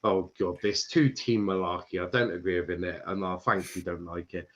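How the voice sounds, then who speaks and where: A man's voice: sits low, fairly even intonation, normal speed, fairly bright tone. A man from Ireland hosting a casual football chat, reading out viewer comments, laughing often and restarting sentences. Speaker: podcast host reading chat. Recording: dull lo-fi sound.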